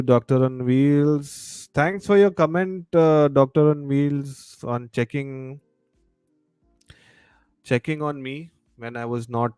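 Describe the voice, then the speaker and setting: Sounding mid-range, dark, and smooth in clean studio audio with no echo, a man nursing a bad cold hosts a relaxed live stream. He's chatty, reads out viewer comments, and blends Hindi into English.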